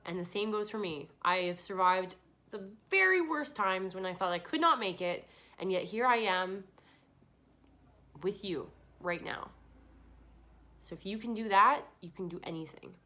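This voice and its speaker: A woman's voice: mid-range voice, animated, moderate pace, sharp tone. A woman hosting a podcast, tearful and earnest, giving a pleading motivational monologue. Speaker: podcast host.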